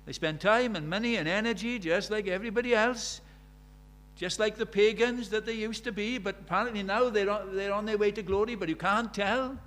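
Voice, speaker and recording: A man's voice: sits high, a little fast, a bit bright. A man preaching a sermon, emphatic and storytelling, firing rhetorical questions at the congregation.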